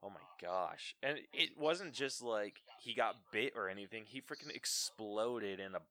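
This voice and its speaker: A man co-hosting a podcast, chatting loosely about a film in casual slang that is quick to curse. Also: lowish voice, lively intonation, bright, forceful tone, slight background noise. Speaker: podcast co-host.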